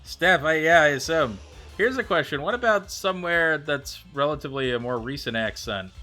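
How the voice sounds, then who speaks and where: Faint music plays behind a fairly high-pitched American man streaming a game live. His intonation is lively, his tone sharp, his speed normal. Chatty and thinking aloud, he reads viewers' messages out and answers them in casual conversation.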